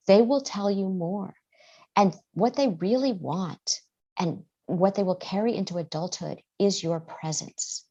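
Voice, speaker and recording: A woman's voice: on the low side, expressive, a little slow, gravelly, a little mellow, highs cut off. A woman guest therapist giving earnest podcast interview answers, often acting out how parents and children talk.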